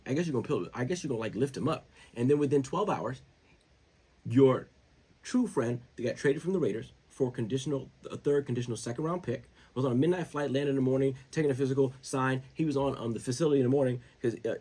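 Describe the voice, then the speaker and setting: A man hosting his own show, talking football in a casual, slangy, rambling way that gets more animated as he goes. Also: mid-range voice, fast talker, slightly rough. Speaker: show host. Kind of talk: casual sports commentary.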